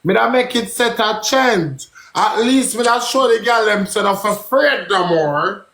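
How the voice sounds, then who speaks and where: A man's voice: very high-pitched, moderate pace, a bit bright, echoey room. A man with a Jamaican accent hosting a live stream, talking in a brash, profane, emphatic way. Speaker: livestream host. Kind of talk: heated live-stream talk.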